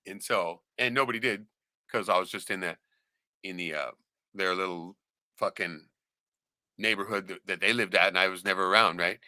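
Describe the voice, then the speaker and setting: A man telling a profane story in casual chat, animated, laughing often and acting out the voices of others. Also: low-pitched, normal speed, pauses often, dry recording, clean studio sound. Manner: animated, swears a lot, laughs often, acts out quoted voices.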